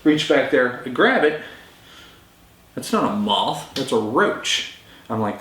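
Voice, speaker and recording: A man's voice: mid-range voice, slow, pauses often. A young adult man casually telling a story-time tale in a chatty, informal way. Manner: informal, chatty, lively retelling. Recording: roomy echo.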